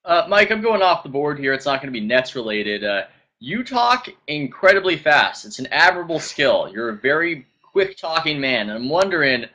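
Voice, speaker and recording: A man's voice: on the high side, very animated, moderate pace, pushed and bright. A man co-hosting a casual podcast chat, wry and teasing. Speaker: co-host.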